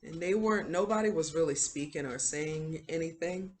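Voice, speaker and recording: A woman's voice: sits low, moderate pace, faint music behind. A woman hosting a video who retells a series in a casual, rambling way, with many fillers. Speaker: video host. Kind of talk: casual show recap.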